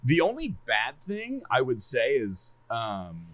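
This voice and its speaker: A man casually chatting on a podcast, animated and laughing a lot, swearing freely and stumbling over repeated words. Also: mid-range voice, takes it slowly, no echo. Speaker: streamer and podcast co-host.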